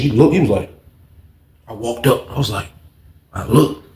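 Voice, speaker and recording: A man casually telling a story in a profane, animated way that jumps into shouts. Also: medium pitch, normal speed, long pauses, roomy sound, a little hiss or hum.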